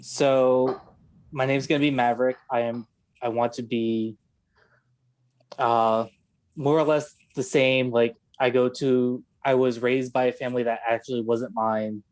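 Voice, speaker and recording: A man's voice: mid-range voice, little pitch movement, unhurried, a little mellow. A man casually describing the tabletop character he made, in a matter-of-fact way. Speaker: player.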